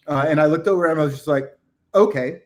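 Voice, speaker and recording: A middle-aged man, a retired military chief, telling a combat story as a podcast guest, acting out the shouted orders. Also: a little high, rapid-fire. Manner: animated war storytelling, acts out shouted quotes. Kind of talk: casual storytelling interview.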